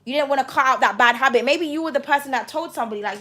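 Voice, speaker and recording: A high-voiced woman runs a tarot reading to camera. She talks with passion and no sugarcoating, swearing freely as she lays out the cards. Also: animated, racing, sharp tone. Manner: passionate, blunt and profane. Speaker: tarot reader.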